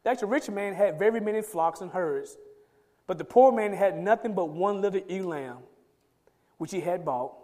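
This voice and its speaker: High-voiced man preaching in a reverberant hall. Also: normal speed, mellow. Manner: preaching, reads scripture aloud and rises into emphatic pleading. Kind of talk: sermon.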